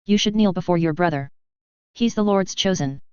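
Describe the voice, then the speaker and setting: A woman's voice: on the low side, normal speed, a little mellow, clean tone, no echo, highs cut off, natural voice. A woman voicing an unsettling fanatical fire priestess in a fan fiction reading, solemn and zealous.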